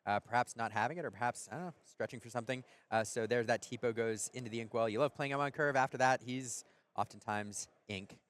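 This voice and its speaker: A man doing energetic play-by-play commentary on a card game tournament. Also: mid-range voice, quick pace. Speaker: play-by-play caster.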